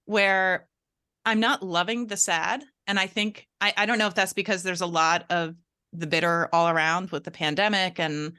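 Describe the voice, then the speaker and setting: A woman's voice: fairly low pitch, pushed and bright. A woman in a podcast discussion, speaking candidly and hesitantly with many fillers. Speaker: podcast participant. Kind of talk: casual book discussion.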